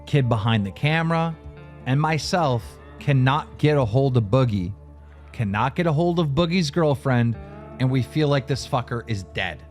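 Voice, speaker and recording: A man's voice: mid-range voice, normal speed, soft background music. A man telling a heated story about a phone call on a talk show, swearing often and speaking with strong emphasis. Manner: profane, emphatic and animated.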